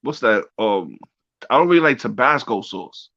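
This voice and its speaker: A man's voice: mid-range voice, big pitch swings, normal speed, a bit bright, no room sound, dull audio. A man hosting a podcast, laid-back and laughing often in casual chat. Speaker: podcast host.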